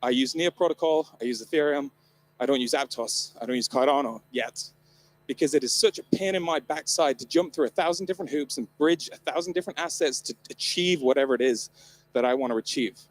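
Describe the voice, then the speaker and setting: With a mid-range voice and a slightly quick delivery, a northern English conference presenter gives a funny keynote at a live event. He's irreverent throughout, cracking jokes and swearing without restraint.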